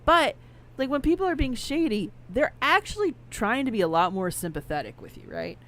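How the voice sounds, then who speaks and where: A woman co-hosting a casual game stream, talking in an animated, rambling, opinionated way. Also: a little high, a little fast. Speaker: podcast co-host playing a game. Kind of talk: casual let's-play chat.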